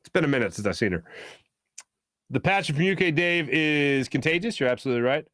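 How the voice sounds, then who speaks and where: A man's voice: a little high, expressive, fast talker, a bit bright, dry recording, studio quality. A man hosting a casual live sports talk stream, joking, humming filler tunes and reading out viewer comments. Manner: chatty, jokey, hums filler tunes and tries celebrity impressions. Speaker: sports talk show host.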